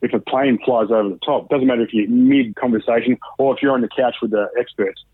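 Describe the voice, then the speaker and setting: A man's voice: medium pitch, steady tone, fast, breathy edge, no room sound, narrow, tinny audio. A man, a guest telling a story in casual, swear-filled chat and acting out what people said. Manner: swears often, acts out quoted dialogue. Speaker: podcast guest.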